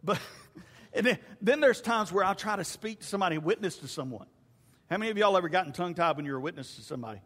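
A man's voice: high-pitched, animated, fast, fairly bright tone. A male pastor preaching a folksy, conversational sermon straight to his congregation. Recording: reverberant hall.

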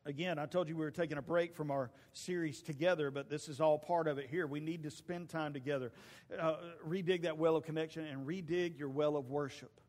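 A man's voice: on the high side, fairly even intonation, brisk. Preaching man in a reverberant church. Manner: storytelling preacher acting out voices, shouting at peaks. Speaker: pastor. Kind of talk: sermon. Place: church sanctuary.

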